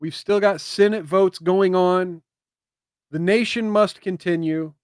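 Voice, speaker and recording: A high-pitched man delivers casual political commentary from his own show. He talks with emphatic bursts that drop into hushed, emotional asides. The sound is dry and close. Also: steady tone, unhurried, clear, resonant tone, no echo.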